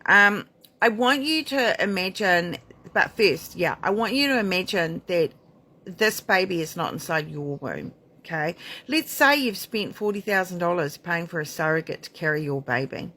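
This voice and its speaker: A woman's voice: on the low side, animated, moderate pace, bright, forceful tone. A middle-aged woman midwife giving a frank, emphatic talk to camera, blunt and candid. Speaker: midwife and maternity author.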